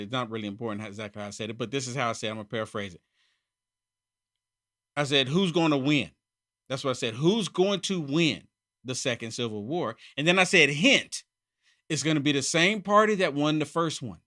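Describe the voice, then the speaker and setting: A man hosting his own political commentary monologue, emphatic and repeating his points, swinging from loud outbursts to muttered asides. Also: mid-range voice, quick pace. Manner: emphatic, repeats phrases for effect. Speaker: channel host.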